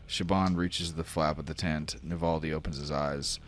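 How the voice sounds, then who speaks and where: Give me a low-voiced man running a tabletop game, casual and rambling. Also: fairly even intonation, moderate pace, a little hiss or hum. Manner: casual, many fillers like "like". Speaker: game master.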